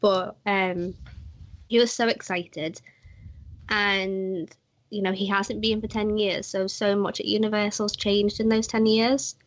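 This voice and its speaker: A young woman co-hosts a podcast, chatting casually and telling stories about a trip, often acting out quoted dialogue. Her medium-pitched voice is flat and unhurried, and the podcast audio is dry and slightly muffled.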